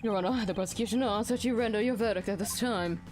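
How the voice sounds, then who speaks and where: A woman's voice: medium pitch, quick pace, darkish tone, a little hiss or hum, lightly acted. A woman voicing a smug adult male chief prosecutor in an exaggerated, posh British accent.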